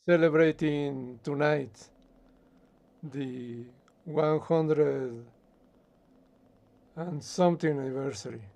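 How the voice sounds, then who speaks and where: Brief: Mexican-accented man, slow, mellow, dry understatement. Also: on the high side, vocal fry. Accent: Mexican Spanish. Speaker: show contributor.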